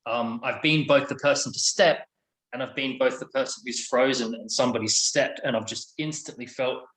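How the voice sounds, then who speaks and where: A man's voice: medium pitch, fairly even intonation, normal speed, fairly bright tone, low-quality recording. Earnest man reflecting in an interview. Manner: earnest, reflective, swears casually. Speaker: interview guest. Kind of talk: candid storytelling conversation.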